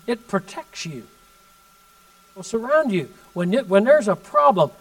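A man preaching a sermon tells his story unhurriedly, his fairly high voice making big pitch swings. He alternates between forceful, loud emphasis and quiet asides, picked up by a mic set some distance from him.

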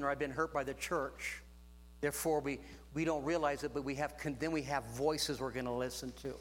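A man preaching a sermon to a congregation, stretching phrases for emphasis and punctuating them with amens. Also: a little high. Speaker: pastor. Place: church room with congregation.

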